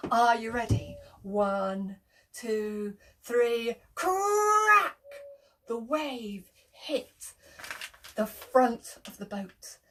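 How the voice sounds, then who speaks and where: A woman telling an interactive children's story, animated, gasping often, making sound effects and inviting the children to join in. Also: a little high, extremely slow.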